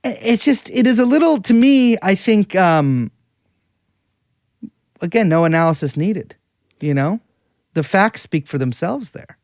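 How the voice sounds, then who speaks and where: A man's voice: sits high, big pitch swings, a little slow, pauses often, a little mellow, dry recording, studio quality. A man co-hosting a casual podcast, rambling and sardonic, wandering through digressions. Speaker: podcast co-host.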